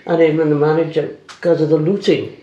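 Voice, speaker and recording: A woman's voice: deep voice, flat delivery, fairly quick, dark tone. An older woman, recalling events in a matter-of-fact way. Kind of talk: casual group reminiscing. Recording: echoey, dull lo-fi sound.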